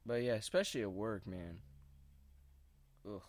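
Slow and often pausing, a young man's lowish voice comes through a dry recording. He's a vlogger at home on his couch, anxiously and casually rambling with slang into a desk microphone at a mixing board.

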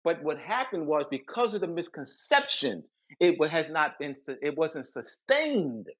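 Man with a high voice who lectures forcefully and repeats points, on dull lo-fi audio. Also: very animated, unhurried. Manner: emphatic and repetitive, restarts phrases. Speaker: guest author. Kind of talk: lecturing interview talk.

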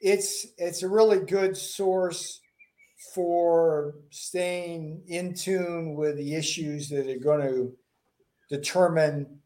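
A man from Florida with a slight Boston accent, a guest telling animated stories with many restarts and repeated words. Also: fairly high pitch, takes it slowly. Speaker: political guest. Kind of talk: interview conversation.

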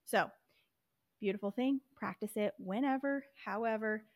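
A woman's voice: mid-range voice, moderate pace, dry recording. Patient woman explaining phonics steps. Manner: patient, explains step by step and models letter sounds. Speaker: podcast host and reading teacher. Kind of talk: instructional explanation.

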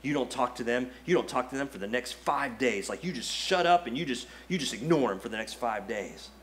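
A man playing a sly male devil who whispers temptations into someone's ear, in a low, hushed, coaxing voice. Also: expressive, fairly quick, a little hiss or hum, lightly acted.

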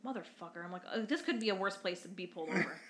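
A woman's voice: mid-range voice, racing, fairly bright tone, reverberant. A woman, cohosting a casual chat and telling stories that act out what people said, swearing freely. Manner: swears freely, acts out quotes. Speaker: podcast co-host.

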